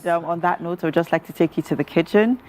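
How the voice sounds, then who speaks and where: A woman's voice: on the low side, fast talker, darkish tone. A woman with a Nigerian English accent hosting a breakfast TV show and interviewing an author in a chatty way full of "you know" fillers.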